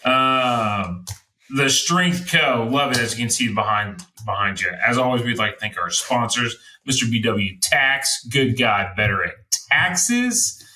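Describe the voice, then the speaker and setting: A man's voice: mid-range voice, lively intonation, a little slow, bright, forceful tone. A man hosting a podcast, rambling loosely and playfully through chat and sign-off plugs. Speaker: podcast host.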